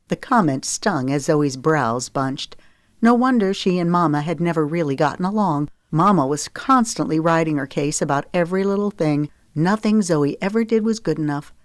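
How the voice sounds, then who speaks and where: Low-voiced woman narrating an audiobook. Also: expressive, normal speed, dry recording, studio quality. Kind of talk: scripted narration.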